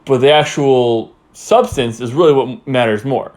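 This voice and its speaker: A man's voice: mid-range voice, measured pace, a little mellow. Heated rambling male podcast host. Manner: rambling, heated, repeats himself. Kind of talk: opinionated political commentary.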